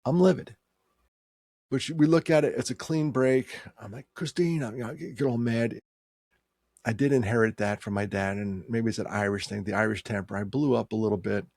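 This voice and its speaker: A man's voice: fairly low pitch, steady tone, brisk, creaky, a little mellow, no room sound, studio quality. A man in his sixties telling a personal story in a heartfelt, conversational way, with rising emphasis. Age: 60s. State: tearing up.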